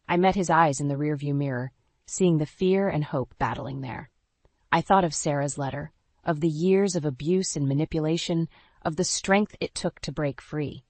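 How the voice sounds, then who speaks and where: A woman's voice: low voice, normal speed, darkish tone, no room sound. A woman narrating a dramatic first-person story in an earnest, scripted way.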